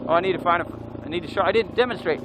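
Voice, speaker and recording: A man's voice: sits high, rapid-fire, noisy background. A man vlogging as he rides an off-road motorcycle trail, telling a long story and whooping now and then. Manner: animated, whoops and yells while riding. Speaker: motovlogger. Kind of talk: storytelling while riding.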